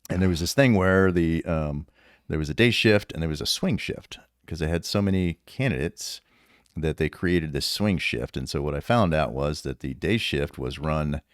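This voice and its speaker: A man in his fifties, a retired sergeant major and podcast guest, telling stories casually with an animated, profane manner and lots of laughter. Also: a bass voice, normal speed, clean tone, dry recording, clean studio sound. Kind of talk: casual storytelling.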